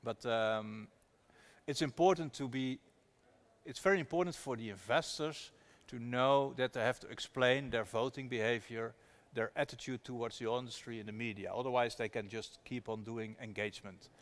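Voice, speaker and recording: A man from the Netherlands, an activist investor appearing as a guest at a public talk, tells his story in a medium-pitched voice at normal speed. He speaks with earnest energy and restarts often.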